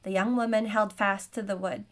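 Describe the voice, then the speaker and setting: A woman's voice: mid-range voice, fairly even intonation, moderate pace, a bit bright. A woman narrating a solo tabletop game as game master, with chatty, self-aware asides.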